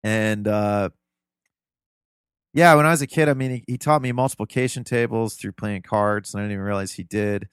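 A man's voice: fairly low pitch, moderate pace, smooth, no echo, clean studio sound. A man from Ohio, a podcast guest, telling family stories in a loose, earnest, rambling way. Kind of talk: casual interview storytelling.

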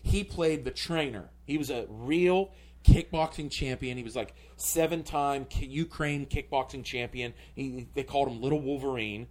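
A man's voice: medium pitch, normal speed, hardly any pauses, a little mellow. A male comedian telling a story on a podcast, rambling and full of filler words. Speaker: comedian guest.

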